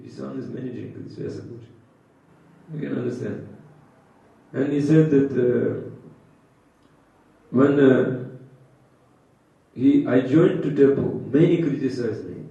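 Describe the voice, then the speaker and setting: A man with a dark, gravelly voice gives a devotional scripture class in halting, broken English, pausing often with filler sounds. He sounds far from the mic, and the dull recording rings with heavy room echo. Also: mid-range voice. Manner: halting, frequent uh pauses, simple broken English. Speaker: spiritual teacher giving a scripture class. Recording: echoey, dull, distant hall sound.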